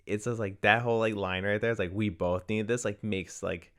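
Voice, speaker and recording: Very deep-voiced young man, rambling. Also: fairly even intonation, brisk. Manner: rambling, heavy use of "like", laughs often. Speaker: podcast co-host. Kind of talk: casual movie chat.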